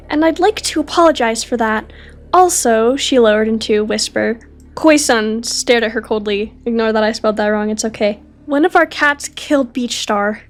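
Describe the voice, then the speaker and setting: A woman reading a story roleplay aloud as narrator and player, animated and jumping higher on shouted lines. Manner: animated, rises high for shouted character lines.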